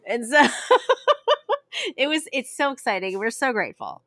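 A woman's voice: sits high, wildly swooping pitch, measured pace, a bit bright. A woman co-hosting a podcast in casual chat, bubbly and laughing often. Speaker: podcast co-host.

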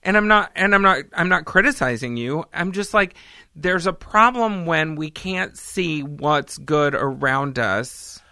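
A comedian hosting a casual chat, rambling and joking with quick tangents. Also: medium pitch, animated, pushed and bright, no echo, studio quality. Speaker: comedian and host.

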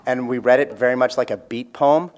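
A man's voice: medium pitch, a little mellow. A man speaking as an author at a public reading, chatting casually and joking at his own expense before reading. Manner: self-deprecating, joking, quick asides. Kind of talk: casual talk to a live audience.

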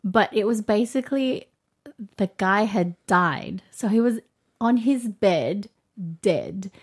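A woman's voice: mid-range voice, expressive, takes it slowly, breathy edge. A woman in casual podcast chat, chatty and self-deprecating, laughing often.

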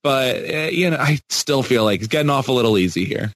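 A man's voice: medium pitch, expressive, brisk, a bit bright. A man co-hosting a podcast, making dry, wry remarks in casual chat. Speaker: podcast co-host.

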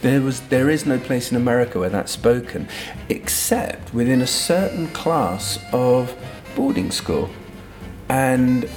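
A man's voice: mid-range voice, expressive, a little slow. Host guy, thoughtful questions, mid voice, faint music behind. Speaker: interviewer host. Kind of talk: conversational interview.

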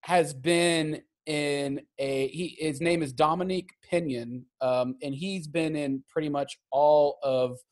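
A man chatting casually about a film as a podcast co-host. His voice sits a little high, and he talks with an animated, profane energy, laughing often. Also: slow, hardly any pauses. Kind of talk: casual movie review chat.

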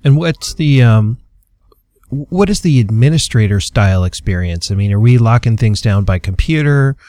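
A man's voice: mid-range voice, animated, normal speed, mellow, no room sound. Jokey male podcast host, dry sound. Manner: jokey, chatty, upbeat. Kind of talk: casual podcast chat.

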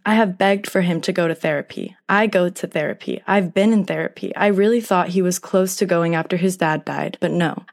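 A young woman reading a post aloud as a co-host, in a steady, even manner. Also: medium pitch.

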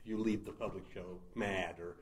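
A man tells stories from his comedy theater work in a relaxed interview. He talks in animated bursts, laughs through his lines and often stumbles over restarts. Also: low-pitched, normal speed. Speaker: murder-mystery show writer and performer. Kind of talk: casual storytelling interview.

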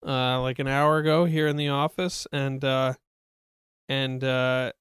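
A man's voice: medium pitch, level tone, unhurried, a bit bright, clear, resonant tone, no room sound, clean studio sound. A man co-hosting a casual chat, telling a story in a wry, rambling way.

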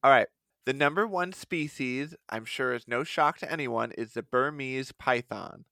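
Bright-voiced joking podcast man. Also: medium pitch, a little slow, no echo. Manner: laughs often and slips into silly voices. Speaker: podcast co-host. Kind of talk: casual comedic chat.

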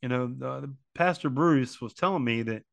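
A man's voice: medium pitch, normal speed, gravelly, no echo. A grieving man in his forties talking earnestly about loss, repeating phrases and using many fillers. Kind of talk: emotional personal reflection on loss.

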